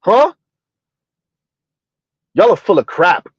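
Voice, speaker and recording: High-voiced man mocking in rhetorical questions. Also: big pitch swings, takes it slowly, slightly rough, no room sound, dull audio. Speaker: commentary video host. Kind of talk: reaction commentary.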